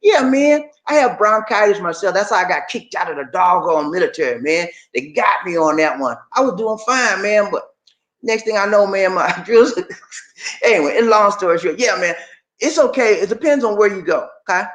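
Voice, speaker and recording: A man's voice: high voice, lively intonation, normal speed, a bit bright. Male streamer, blunt and preachy, roomy echo. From Georgia, USA. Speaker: livestream host. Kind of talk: casual livestream chat. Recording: echoey room.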